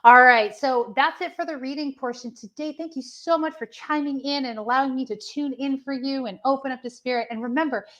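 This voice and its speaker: A woman giving gentle, affectionate channeled readings on a live stream. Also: high voice, a little fast, hardly any pauses, muffled recording. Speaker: spiritual medium giving readings.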